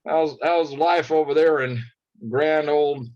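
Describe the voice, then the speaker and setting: A man chatting casually on a video call, rambling and laughing, cursing and breaking into loud outbursts. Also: fairly high pitch, fairly even intonation, slow, no echo, dull audio. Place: house and backyard. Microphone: phone or laptop on a video call.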